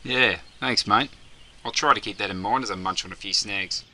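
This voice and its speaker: A man's voice: fairly low pitch, normal speed, pushed and bright, voice pushed down. A man with an Australian accent voicing an easygoing mate who drawls his lines. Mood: laid-back.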